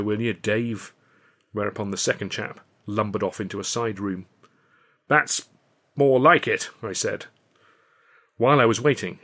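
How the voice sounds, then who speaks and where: A man narrating his own serialized novel in the first person, wry and measured. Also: lowish voice, fairly bright tone. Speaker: author and reader of a serialized novel.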